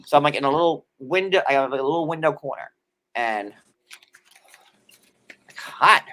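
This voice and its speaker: A man's voice: on the high side, expressive, normal speed, bright, forceful tone. A man hosting a casual livestream from a desk at home, talking in a chatty, sarcastic way full of "like". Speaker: host.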